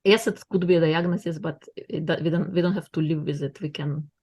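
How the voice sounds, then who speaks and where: A woman's voice: deep voice, steady tone, brisk, warm tone, breathy edge. A woman hosting a podcast, encouraging her guest in casual talk with slightly uneven phrasing. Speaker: podcast host.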